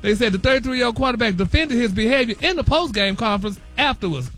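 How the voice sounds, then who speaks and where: A man with a notably high voice dishes celebrity gossip for a morning radio show. He is sassy and theatrical, sprinkling every sentence with honey and y'all, and faint music sits underneath. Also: animated, quick pace, fairly bright tone. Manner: sassy, dramatic, peppers speech with "honey" and "y'all". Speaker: celebrity news correspondent.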